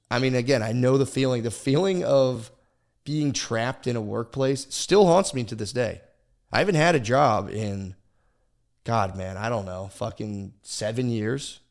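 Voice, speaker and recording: A man's voice: mid-range voice, gravelly. A man hosting a podcast in casual chat, rambling and self-deprecating, swearing a lot and restarting his sentences often. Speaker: podcast host.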